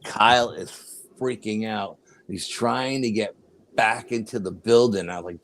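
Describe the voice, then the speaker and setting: A man's voice: medium pitch, normal speed. An older man telling a paranormal story as an interview guest, acting out the dialogue as he goes. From New York. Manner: animated storyteller, acts out quoted dialogue.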